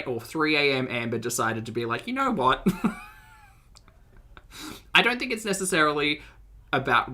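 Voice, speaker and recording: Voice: mid-range voice, bright, forceful tone. A streamer, reacting to videos in a casual, sarcastic and blunt way and reading out chat. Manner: blunt and sarcastic, laughs often.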